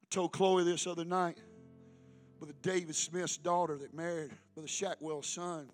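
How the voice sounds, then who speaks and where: A middle-aged man preaches with fervor, his voice pitched high. He drops from loud calls to near-whispered asides. Faint music plays beneath him. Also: steady tone, normal speed. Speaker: pastor. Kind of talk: sermon.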